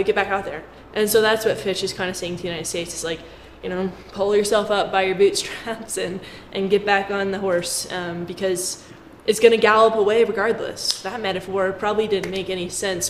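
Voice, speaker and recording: A woman talks to her viewers in a relaxed, chatty way, slipping playful jokes into her explanations. Her voice sits at an ordinary middle pitch. The room gives it a noticeable echo, with faint noise underneath. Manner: chatty and jokey, with playful asides. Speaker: finance commentator. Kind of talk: casual explainer talk to camera.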